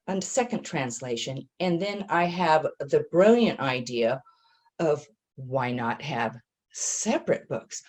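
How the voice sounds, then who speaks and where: Animated low-voiced woman telling her story. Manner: chatty, animated, self-deprecating. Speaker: author giving a talk. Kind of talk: casual storytelling talk.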